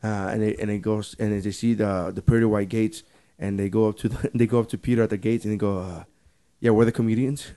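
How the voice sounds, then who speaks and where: A man in his thirties from Nicaragua, a comedian telling jokes on a casual podcast, laughing often and dropping his voice low for punchlines. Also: fairly even intonation, fast talker, dark tone, clear, resonant tone.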